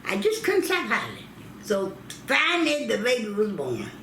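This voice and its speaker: A woman's voice: on the high side, huge pitch swings, normal speed, a bit bright, echoey room, a little hiss or hum. An older woman from North Carolina, recalling childbirth stories, acting out quoted voices and laughing often. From North Carolina, United States. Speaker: interviewee telling family history.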